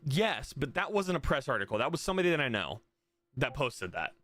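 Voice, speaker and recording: A man's voice: mid-range voice, very animated, brisk, bright, forceful tone, dry recording. A man streaming live, ranting at his viewers after a soccer match in an exasperated, profane way, and trailing off in mutters between points. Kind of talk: live stream reaction rant.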